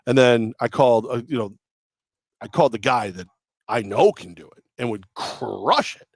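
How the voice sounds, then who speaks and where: Expressive self-deprecating male radio host. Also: mid-range voice, moderate pace, no room sound, clean studio sound. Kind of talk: casual sports talk.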